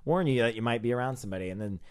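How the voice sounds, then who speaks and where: A man of ordinary pitch rattles off rambling stories at a brisk clip. He talks crudely and swears freely, in a loose, casual podcast chat among friends. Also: a little mellow. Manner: crude, profane, rambling anecdotes. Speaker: podcast regular telling stories.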